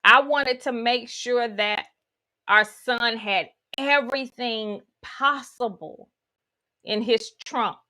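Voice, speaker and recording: A woman's voice: fairly high pitch, slow pace, bright, forceful tone. A woman giving a spiritual teaching talk, guiding listeners through imagery with folksy asides.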